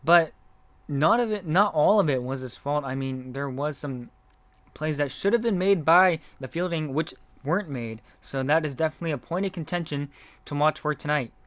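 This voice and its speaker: A man doing live play-by-play commentary of a game, reading chat messages between pitches, his voice not feeling well. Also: moderate pace, no echo. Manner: reads chat messages between calls, gets loud on big hits.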